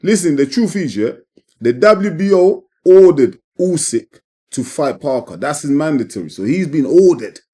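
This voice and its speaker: A man's voice: fairly high pitch, sing-song, normal speed, dark tone, husky. A man giving emphatic, repetitive opinions in a casual commentary vlog. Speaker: boxing commentator.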